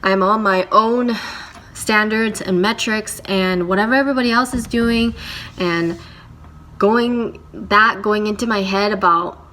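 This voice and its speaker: Slow, reflective young woman vlogger. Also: mid-range voice, bright, forceful tone, a little hiss or hum. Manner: reflective, halting, many fillers. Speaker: vlogger, handywoman. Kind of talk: casual talking-to-camera vlog.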